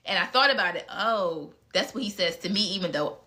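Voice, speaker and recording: A woman talks straight and unfiltered as she answers questions from her audience. Her voice is bright and forceful. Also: medium pitch, expressive, a little fast. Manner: frank and blunt, with mild cursing. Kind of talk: casual live Q&A talk.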